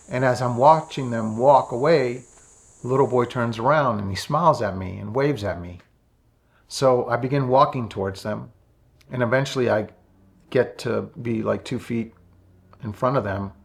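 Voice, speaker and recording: A man in his fifties, talking slowly and softly with many pauses in a reflective personal monologue about his spiritual path. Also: mid-range voice, creaky. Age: 50s. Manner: slow, soft-spoken and introspective, with many pauses. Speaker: spiritual vlogger.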